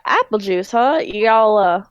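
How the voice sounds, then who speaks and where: A breezy young male grocer with a Southern drawl, friendly but wary, as a woman game master puts him on. The voice sits at a middle pitch and sounds dry and close to the mic, with no room around it. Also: lively intonation, slow pace, dry recording, lo-fi sound. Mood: suspicious. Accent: Southern US, put on.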